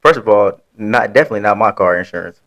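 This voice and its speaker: A man's voice: fairly low pitch, lively intonation, quick pace, fairly bright tone. A man co-hosting a podcast, speaking candidly in laid-back casual chat. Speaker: podcast co-host.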